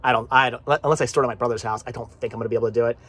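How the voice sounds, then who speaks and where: A man's voice: mid-range voice, flat delivery, very fast, fairly bright tone. A man vlogging outdoors beside his van, rambling and repeating himself as he works, phlegmy with a cough. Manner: rambling, repeats words, self-talk while working. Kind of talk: casual vlog chat. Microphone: camera set down nearby.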